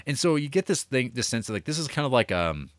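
A man co-hosting a casual podcast, rambling about horror movies with lots of fillers, swearing and excited tangents. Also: mid-range voice, quick pace, dry recording, studio quality. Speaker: podcast co-host reviewing movies. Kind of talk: casual chat.

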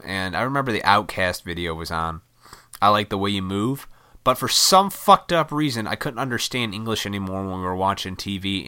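A man with a deep voice that has a bright, edgy ring to it. He rambles loosely through a personal story, swearing freely and laughing at his own tale. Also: clean tone. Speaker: musician telling a personal story. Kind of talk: casual storytelling to camera.

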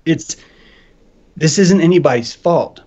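A man talking loose and animated on a podcast, swearing freely and acting out little voices as he argues. His voice sits a bit high, and the audio is dull and lo-fi. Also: unhurried. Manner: animated, profane, acts out voices. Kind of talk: casual chat. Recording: dull lo-fi sound.

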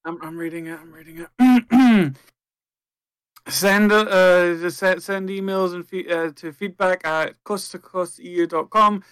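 A man co-hosting a casual gaming podcast, sleepy and low-key, with deadpan jokes. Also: measured pace, smooth, dry recording. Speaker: podcast co-host.

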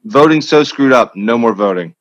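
Mid-pitched male co-host, deadpan one-liners. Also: moderate pace, no room sound, highs cut off. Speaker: podcast co-host. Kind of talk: casual comedic chat.

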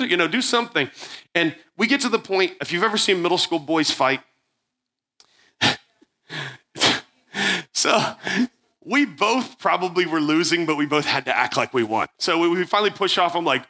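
A man's voice: fairly high pitch, expressive, normal speed, sharp tone. A man preaching to an audience, telling a story from his school days and acting out the voices. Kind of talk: storytelling sermon.

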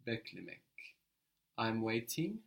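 A man teaching a language lesson, prompting a learner and repeating answers slowly and patiently. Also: lowish voice, big pitch swings, creaky.

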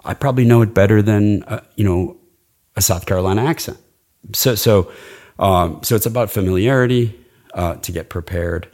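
A man's voice: lowish voice, moderate pace, darkish tone. A middle-aged man, an accent coach, chatting casually in an interview, rambling and demonstrating sounds with enthusiasm.

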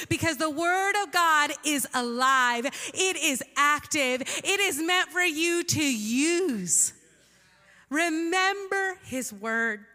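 Female preacher, emphatic sermon delivery with congregation call-outs, very high bright voice, long hall echo.

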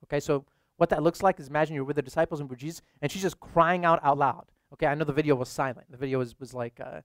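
A young adult male priest preaching in a relaxed, chatty way and leaning on "like" as a filler. His voice sits a little high for a man. The sound is dry and close, with no room echo. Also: fast talker. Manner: casual, many "like" fillers. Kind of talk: conversational sermon.

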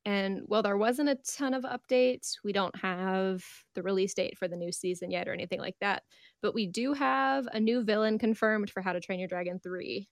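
Brisk woman leading a podcast chat. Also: mid-range voice, no echo, studio quality. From Pennsylvania. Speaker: podcast co-host. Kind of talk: casual chat.

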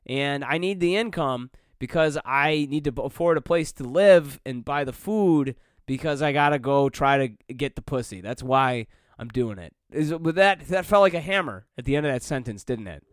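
A young man hosts a rambling solo podcast, speaking wryly into a close studio mic with lots of fillers and restarts. His voice sits on the high side and is animated, moving at a normal speed with hardly any pauses. The tone is clean, with no room sound.

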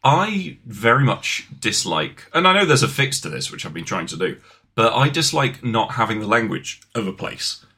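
A man's voice: on the low side, very animated, moderate pace, pushed and bright. A man, co-hosting a podcast in casual, rambling, self-deprecating chat. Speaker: podcast co-host.

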